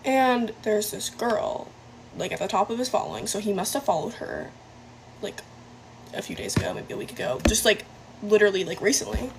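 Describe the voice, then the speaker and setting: A young woman rambles through a casual storytime and leans on constant fillers while she asks her listeners for opinions. Her voice sits at a middle pitch. A faint background hum runs under her. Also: expressive, brisk.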